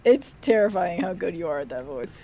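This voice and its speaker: A woman's voice: lowish voice, animated, a little fast, mellow. A woman chatting on a stream, teasing and swearing freely and laughing a lot. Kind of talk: casual chat.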